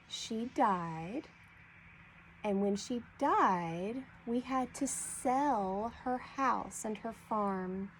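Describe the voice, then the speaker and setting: Slow, clear-spoken preschool teacher woman. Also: mid-range voice, a little hiss or hum, rough recording. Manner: slow, clear, sounding out letters and blends. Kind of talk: slow read-aloud lesson for young children.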